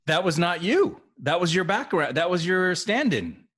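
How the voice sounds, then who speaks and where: A middle-aged man co-hosting a casual rewatch podcast, jokey and quick to laugh. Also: high voice. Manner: animated, laughs often, jokey. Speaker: podcast co-host and former series actor.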